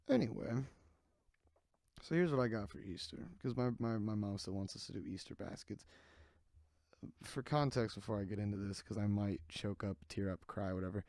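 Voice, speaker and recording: A man's voice: lowish voice, moderate pace, a little mellow, no room sound, studio quality. Sleepy rambling man, podcast. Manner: rambling, candid, jokey. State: sleepy, yawning. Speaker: podcast host. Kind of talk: casual solo podcast chat.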